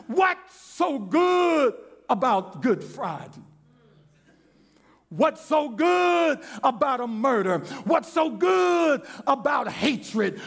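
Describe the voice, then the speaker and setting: A man preaching a sermon in an impassioned, shouting delivery. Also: extremely high pitch, vocal fry.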